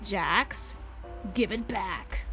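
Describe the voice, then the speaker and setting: A woman voicing a calm, protective young student in a game reading. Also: medium pitch, very slow, soft background music, pitched below the performer's own voice, exaggerated voice. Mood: firm. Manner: calm, firm.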